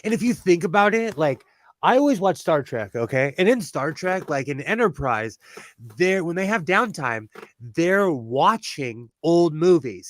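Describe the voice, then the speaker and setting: Man, Californian accent, youthful-sounding voice, chatty livestream host, laughs a lot, fairly high pitch, dry sound. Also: very animated, unhurried, dry recording. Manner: chatty, laughs often, many fillers and restarts. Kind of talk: casual livestream chat.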